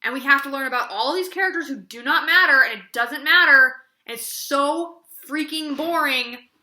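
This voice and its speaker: Sarcastic rambling woman reviewer, bright voice. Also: high-pitched, moderate pace. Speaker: book reviewer. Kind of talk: casual video book review. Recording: echoey room.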